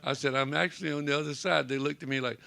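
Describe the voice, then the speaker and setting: A fast-talking older Southern man with a slightly high, fairly even voice that sounds gravelly, pushed and bright. He's a Presbyterian pastor on a library panel in an event room, telling homespun anecdotes and acting out what was said.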